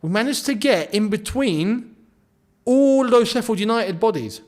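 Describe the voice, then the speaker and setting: A man calls a football match live as he watches it, his voice sitting high and leaping all over the place. He drifts between low mutters and shouts whenever the game turns. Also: unhurried. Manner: excitable, swings between muttering and shouting at goals.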